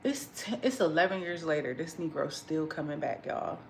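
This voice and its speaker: A woman chatting casually with her livestream viewers while she cooks in a home kitchen. She tells stories in an animated way, acts out what people said, and curses freely. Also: low voice, normal speed, vocal fry, slight background noise. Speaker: vlogger chatting with live viewers.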